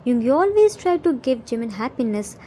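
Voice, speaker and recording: A woman reading a fan fiction story aloud in plain, steady narration. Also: on the high side, fairly quick, slight background noise, poor audio.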